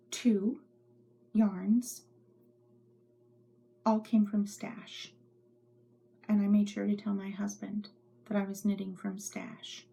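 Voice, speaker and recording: A woman's voice: medium pitch, dark tone, husky. A middle-aged woman hosting a knitting podcast from her home craft room, rambling chattily and often dropping into whispers. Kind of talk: casual show-and-tell chat.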